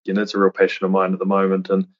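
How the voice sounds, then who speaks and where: A man's voice: low-pitched, completely flat delivery, racing. A man, a retired rugby player in his thirties, answering interview questions earnestly, with many "you know" fillers and restarts. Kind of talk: reflective interview talk. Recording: dull lo-fi audio.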